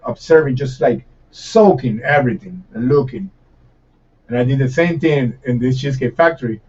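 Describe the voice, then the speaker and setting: A Puerto Rican man with a Puerto Rican accent, Spanish as his first language, chatting as a chef guest on a casual podcast and telling animated, swear-laden stories. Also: mid-range voice. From Puerto Rico. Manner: animated storyteller, swears freely, laughs while telling stories. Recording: distant, dull lo-fi mic.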